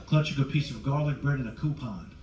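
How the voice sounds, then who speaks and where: A man's voice: medium pitch, fast talker, background noise. A middle-aged male stand-up comedian in a cruise ship show lounge, brashly teasing the audience as he works the crowd. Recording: roomy, distant, faint crowd ambience.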